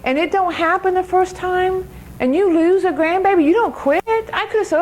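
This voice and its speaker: An older woman giving an emphatic testimony sermon at a church, laughing often and slowing down on key phrases. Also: very high-pitched, darkish tone, low-quality recording. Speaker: speaker at a church.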